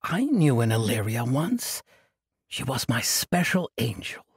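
A man's voice: mid-range voice, big pitch swings, a little slow, slightly rough, dry recording, clean studio sound, exaggerated voice. A man voicing an eccentric, mischievous ancient male monk who talks in a playful, grandiose way. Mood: whimsical.

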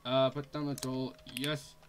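A man giving let's play commentary on a horror game, excitable and jumpy, yelping and screaming and using mild swears. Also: mid-range voice, measured pace, music in the background. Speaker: gaming channel host.

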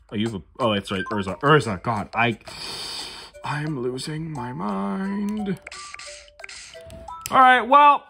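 A young man giving goofy, rambling commentary while playing a life sim game on his own channel. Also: fairly high pitch. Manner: goofy, rambling, self-mocking. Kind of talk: casual gameplay commentary.

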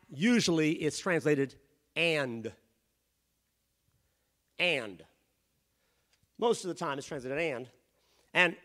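A man preaching a sermon as pastor in a church, rising to shouted emphasis and dropping to quiet asides. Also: high-pitched. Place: church sanctuary.

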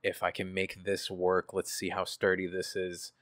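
Low-voiced man speaking candidly. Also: completely flat delivery, moderate pace, a bit bright, no room sound, clean studio sound. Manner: casual, profane, reflective with many fillers. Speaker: guest artist. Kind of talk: candid interview.

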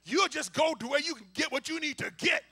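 A male pastor delivering a call-and-response sermon in church, his very high voice bright and gravelly. He moves from quiet asides to full shouts and keeps talking to the congregation in a loose, informal way. The tone stays sharp and cutting throughout. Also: fairly quick.

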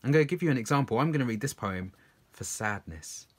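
A man's voice: mid-range voice, lively intonation, fast talker. A man, a children's poet, reading his poems aloud and encouraging young listeners to join in.

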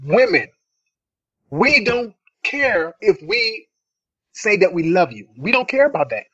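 Earnest higher-voiced man on a lo-fi podcast. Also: big pitch swings, measured pace, fairly bright tone. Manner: earnest, emphatic. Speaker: podcast co-host. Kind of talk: casual chat. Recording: dull, dry lo-fi audio.

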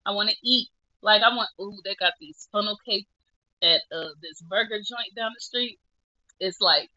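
Casual woman vlogger, bright tone, tearful laughs, lo-fi phone sound. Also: mid-range voice, normal speed. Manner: chatty, self-mocking, laughing through tears. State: tearful at times. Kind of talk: casual selfie vlog.

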